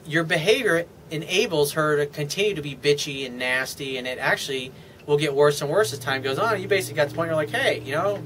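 A man with a slightly raised pitch lectures on dating in an off-the-cuff, blunt way. He drops profanity and dismissive asides, with a faint hiss underneath. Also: fast talker, fairly bright tone. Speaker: dating coach. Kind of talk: casual advice monologue.

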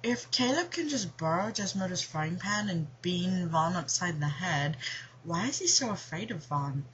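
A woman's voice: fairly low pitch, animated, normal speed, a little hiss or hum. A woman from the cast chatting casually, reading listener questions aloud and answering them with sarcastic asides. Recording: dull lo-fi home recording.

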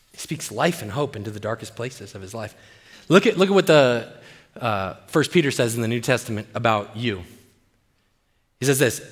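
Pastor dude preaching, bright tone, lively swings, echoey church hall. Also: male voice, mid-range voice, normal speed. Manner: animated, playful, asks the crowd questions. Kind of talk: sermon.

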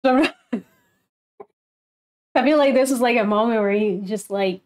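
A woman hosting a casual album reaction video, chatty and excitable, laughing often. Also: fairly high pitch, unhurried, long pauses.

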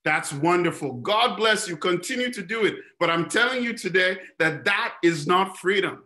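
A man's voice: high voice, animated, normal speed, bright, forceful tone. A male pastor preaching a sermon, emphatic, with rhetorical questions and repeated refrains.

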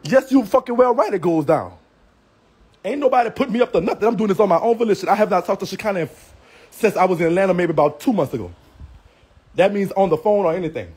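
A male live streamer with a high-pitched, husky, slightly mellow voice rants fast and expressively. The rant is brash and profane, full of trash talk in a Southern US accent and frequent laughter.

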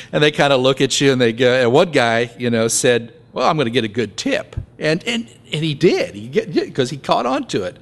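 A man's voice: mid-range voice, very animated, moderate pace, hardly any pauses. A man pastor giving a conversational sermon, joking and acting out little scenes as he preaches.

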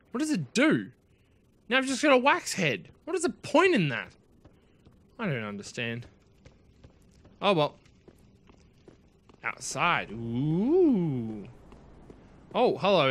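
A bright-voiced man chats his way through a video game, excitable and quick to exclaim. His voice sits a little high and swings widely in pitch. He talks to himself and to his viewers as he plays. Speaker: let's play host. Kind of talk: casual gameplay commentary.

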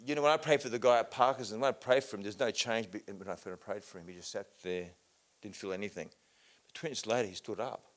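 A man with an English accent leading a healing meeting, praying over people in fervent declaring prayer that swings from soft to loud, with casual matey remarks. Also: fairly low pitch, quick pace, few pauses. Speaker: healing minister.

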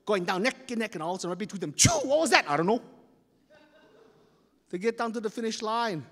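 A man's voice: high-pitched, lively intonation, fast talker, a bit bright. A man speaking with a Hawaiian Pidgin English accent, performing a story live on a festival stage in a playful, dramatic way. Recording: long hall reverb.

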